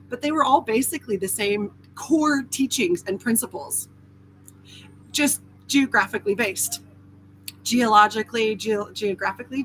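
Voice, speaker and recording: A woman hosting a casual live stream, chatting through viewer comments in an animated, candid way, swearing freely and laughing often. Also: a little high, a little hiss or hum. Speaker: host of a live talk stream.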